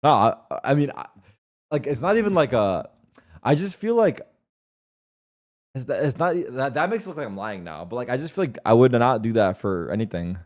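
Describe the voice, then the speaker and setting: A man's voice: mid-range voice, sing-song, moderate pace, a little mellow. A young man streaming live, bantering with his chat in a loose, defensive way and swearing freely.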